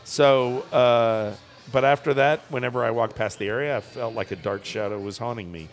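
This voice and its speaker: A man's voice: mid-range voice, normal speed. A man co-hosting a casual comedy podcast, reading out a news story and joking along the way with lots of fillers.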